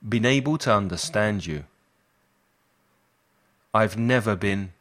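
Slow, deliberate male teacher. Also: fairly low pitch, a bit bright. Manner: slow, deliberate repetition for learners. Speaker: English teacher. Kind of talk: slow language lesson drills.

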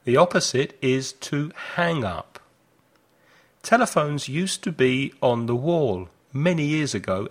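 Slow, lively teacher man. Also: mid-range voice. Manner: clear, deliberate modelling of phrases with lively intonation. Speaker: English teacher. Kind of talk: slow repeat-after-me language lesson.

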